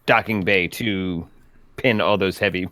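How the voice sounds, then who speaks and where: A man's voice: deep voice, fairly even intonation, measured pace, sharp tone, no echo. A man playing a character in a tabletop role-playing game, talking casually and joking. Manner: playful, joking. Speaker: player.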